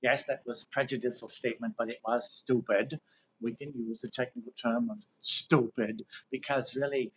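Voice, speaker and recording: A man's voice: mid-range voice, slightly rough. A man teaching a livestreamed spiritual workshop, rambling and conversational while he explains diagrams. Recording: dull lo-fi livestream audio.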